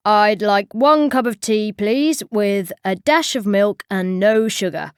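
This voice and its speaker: A woman's voice: medium pitch, slow pace, smooth, no echo, clean studio sound, close to an everyday voice. A woman reading as a big man ordering tea. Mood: polite. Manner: plain, polite.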